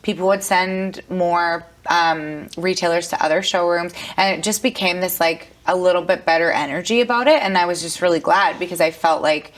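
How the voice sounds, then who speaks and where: A woman's voice: on the low side, fairly even intonation, moderate pace, few pauses. A young adult woman, a fashion brand founder, chatting casually in an interview and filling her talk with "like". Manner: chatty, peppered with "like".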